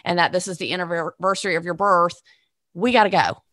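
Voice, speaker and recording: A woman hosting a chatty podcast, her voice bright and sharp in a dry, close sound. She talks in a playful, emphatic way and gushes freely. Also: on the low side, fairly even intonation, fairly quick, no echo. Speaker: podcast host. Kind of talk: casual chat.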